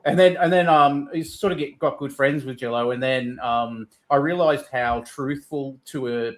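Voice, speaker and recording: A man chatting casually on a stream, telling stories in an animated way with lots of laughter and fillers. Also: mid-range voice, normal speed. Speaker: streamer in group chat. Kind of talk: casual chat.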